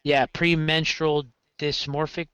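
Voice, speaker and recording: A man's voice: a little high, takes it slowly, smooth, no room sound, rough recording. A man chatting casually on a podcast about running his games, rambling and correcting himself as he goes. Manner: rambling, self-correcting, animated storytelling. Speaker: game master guest.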